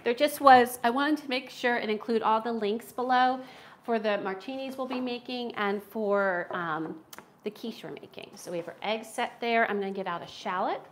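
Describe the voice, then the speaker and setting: A woman's voice: fairly high pitch, moderate pace, a little hiss or hum. A woman from the United States hosting a casual cooking livestream, chatting in a self-deprecating way as she cooks in her home kitchen.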